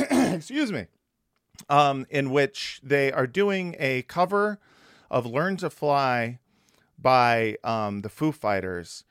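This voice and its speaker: A man's voice: medium pitch, sing-song, slow pace, a bit bright, smooth, no echo, clean studio sound. A man hosting a podcast, talking casually, swearing often and laughing easily. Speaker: podcast host.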